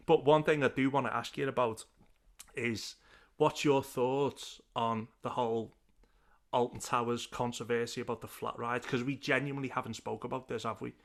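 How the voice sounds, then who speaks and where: A man's voice: medium pitch, fairly even intonation, normal speed, vocal fry. A man, hosting a casual chat over a video call and telling stories with frequent laughs. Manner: chatty storyteller, laughs often. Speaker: podcast host.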